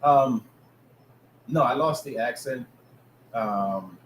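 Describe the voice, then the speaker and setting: A man's voice: medium pitch, takes it slowly. A man from Germany co-hosting a casual chat, joking and teasing with some swearing. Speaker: podcast co-host. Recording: echoey room with background noise.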